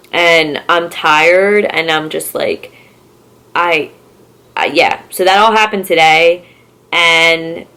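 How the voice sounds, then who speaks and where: A young woman vlogger from Philadelphia rambles through a casual story, filling it with "like" and curse words. Her voice sits a little low and has a gravelly, fry-laced edge. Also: fairly bright tone. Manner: rambling, full of "like" and swearing. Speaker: horror vlogger.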